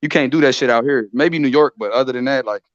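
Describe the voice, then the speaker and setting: Brief: easygoing American guy, slangy, quick, dry close recording. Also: mid-range voice, no echo. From United States. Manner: laid-back storytelling, says bro a lot. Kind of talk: casual chat. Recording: dry, dull sound.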